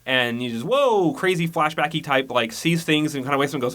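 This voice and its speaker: A man casually recapping a movie plot on a podcast, rambling along and acting out the characters' lines in quick voices. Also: on the high side, animated, a bit bright. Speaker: podcast co-host.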